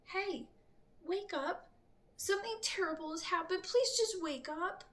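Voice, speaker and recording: A woman reading aloud and voicing a frightened, eager little boy in a storybook, pleading in a high, breathless voice. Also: a little slow, far from the mic.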